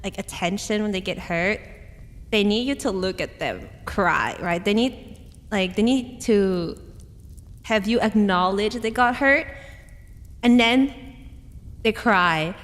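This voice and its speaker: A woman's voice: mid-range voice, takes it slowly, long pauses, big-room sound. A woman streamer chatting casually and rambling, giggling and laughing often as she reads comments. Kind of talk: casual chat reading chat comments.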